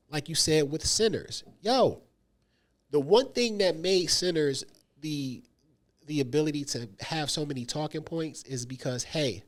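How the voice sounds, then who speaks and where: A man talks through a movie in a casual review chat. His voice sits a little high for a man. He is animated and emphatic, and often acts out quick quotes. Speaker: podcast co-host.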